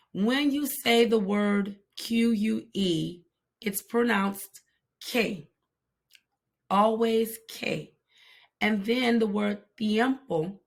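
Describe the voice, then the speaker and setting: Very slow-speaking woman teaching Spanish. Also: medium pitch, creaky, fairly bright tone. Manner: repeats words slowly for pronunciation. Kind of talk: slow, deliberate language lesson.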